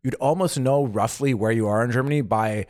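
A man's voice: medium pitch, fairly quick, darkish tone. A man co-hosting a casual podcast, rambling with lots of fillers and restarts. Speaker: podcast co-host. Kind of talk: casual chat. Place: living in Germany.

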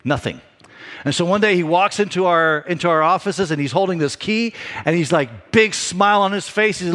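A middle-aged man delivering a sermon, telling a personal story in a conversational, animated way with frequent restarts. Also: high-pitched, moderate pace. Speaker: pastor.

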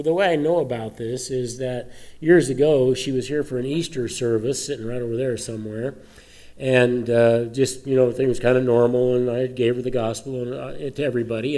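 A pastor preaches to his congregation in a loose, rambling, conversational way, full of "uh"s and restarts. His voice is dark and mellow, sitting at an ordinary pitch for a man. His throat sounds rough, and he is slightly choked up. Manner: conversational, rambling with many fillers. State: throat trouble, a little choked up. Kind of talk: sermon. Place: church sanctuary.

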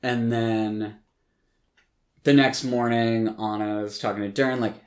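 A man's voice: mid-range voice, fairly even intonation, takes it slowly. A man hosting a podcast, casually recapping a film in a rambling way, full of likes and ums, with occasional swearing. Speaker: podcast host.

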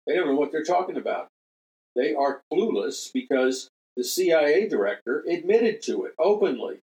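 A man's voice: medium pitch, darkish tone, rough recording. Emphatic older man hosting a talk radio show. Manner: emphatic, repeats key phrases, earnest appeals. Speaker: radio show host and minister.

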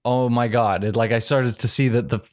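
A man from Africa, co-hosting a podcast and telling animated stories in casual chat. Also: medium pitch, fairly quick. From South Africa. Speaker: podcast co-host.

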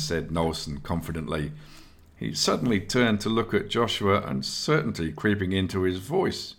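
A man narrating an audiobook in a steady, expressive storytelling manner. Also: low-pitched, moderate pace, vocal fry.

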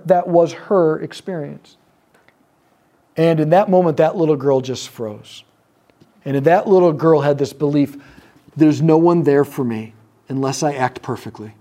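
A man's voice: fairly high pitch, warm tone. A man giving a teaching talk on prayer to a group, telling a story and voicing the people in it. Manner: storytelling, acts out quoted voices, lets pauses land. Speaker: speaker teaching on prayer ministry. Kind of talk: sermon-style talk to a live group.

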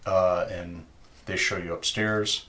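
A man's voice: sits low, steady tone, takes it slowly, sharp tone. A man narrating as game master in a tabletop game, loose and chatty. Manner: loose and chatty, many fillers.

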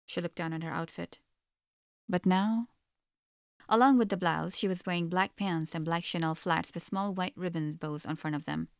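A woman narrating a story in an audiobook, with a steady, measured reading. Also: fairly low pitch, gravelly, clean tone, dry recording, studio quality.

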